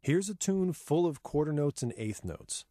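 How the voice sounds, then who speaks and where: A man reading a scripted keyboard lesson in a measured, clear way, counting beats and rhythm words aloud in time. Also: a little high, animated, mellow, no room sound, clean studio sound. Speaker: keyboard instructor. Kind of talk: scripted instructional narration.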